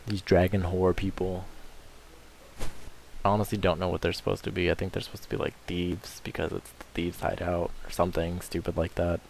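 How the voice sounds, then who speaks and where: A man's voice: low-pitched, little pitch movement, a little fast, creaky, darkish tone, a little hiss or hum. A man giving rambling, crude, joking commentary over his video game playthrough. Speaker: gameplay commentator. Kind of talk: casual let's-play commentary.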